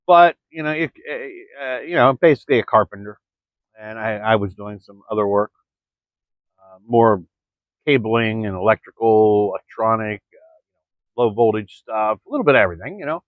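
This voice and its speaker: A man's voice: lowish voice, normal speed, no room sound. Rambling man talking to viewers, lo-fi. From Florida. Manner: rambling, repeats words, addresses listeners as folks. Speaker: vlogger. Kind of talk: rambling monologue. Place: early morning, indoors or near the camera. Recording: dry, dull lo-fi sound.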